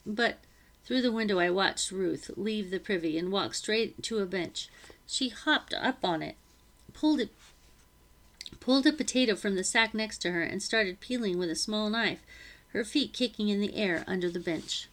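A woman narrating a novel aloud in the first person, with steady, even reading. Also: mid-range voice, normal speed.

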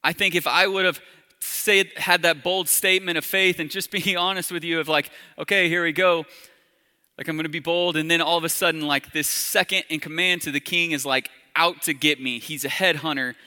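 Bright-voiced man preaching in a hall. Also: a little high, steady tone, brisk. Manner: casual, conversational preaching, dropping to soft intimate appeals. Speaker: pastor. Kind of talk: sermon.

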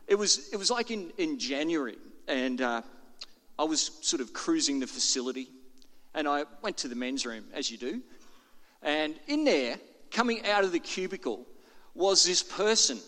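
A man's voice: on the high side, animated, moderate pace, fairly bright tone, long reverb tail. An older man preaching a sermon to his congregation in a chatty, self-deprecating way. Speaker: pastor. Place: church auditorium.

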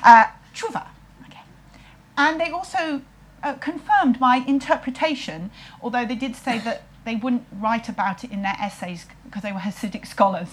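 Woman, husky, fairly high voice, wry comic storytelling. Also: moderate pace. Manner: wry, self-mocking, playful voices for quotes.

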